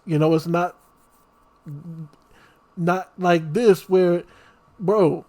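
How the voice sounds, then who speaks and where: A man hosting a horror reaction video, ranting in an exasperated, casual way about the characters' poor choices. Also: high voice.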